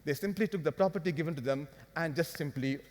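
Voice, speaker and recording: A man giving a live finance talk to an audience, animated and firing rhetorical questions at the crowd. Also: fairly high pitch, fast talker. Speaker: business speaker. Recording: long hall reverb.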